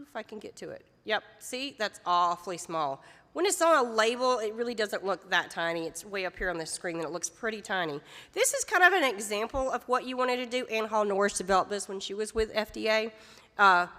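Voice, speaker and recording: A woman's voice: mid-range voice, bright, forceful tone. A woman giving a casual, folksy workshop presentation on food labeling, full of fillers and friendly asides. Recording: echoey hall with long reverb.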